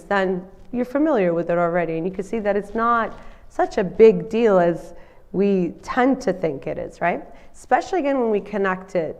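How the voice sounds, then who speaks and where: A woman's voice: mid-range voice, a little mellow. A woman counsellor giving a live presentation to an audience. She sounds nasal from a cold and talks in a friendly way, often checking in with the listeners. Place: community centre in front of an audience.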